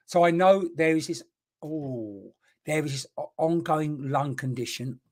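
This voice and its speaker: A man's voice: on the high side, normal speed, darkish tone. A man, giving a live online mediumship reading, chatty and rambling as he passes on messages and talks to viewers. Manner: chatty, rambling, exclaiming, talking to unseen spirits and viewers. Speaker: spiritual medium.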